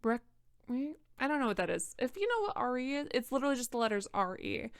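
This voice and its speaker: A woman's voice: high voice, sing-song, brisk, no room sound, clean studio sound. A tipsy young woman reading a book aloud and roasting it, sarcastic and rambling, often restarting her sentences. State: tipsy from wine. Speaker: book reader and commentator.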